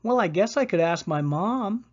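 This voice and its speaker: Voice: medium pitch, lively intonation, normal speed, muffled recording, pitched above the performer's own voice, lightly acted. A storyteller voicing an anxious young schoolboy. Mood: worried. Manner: anxious, plaintive.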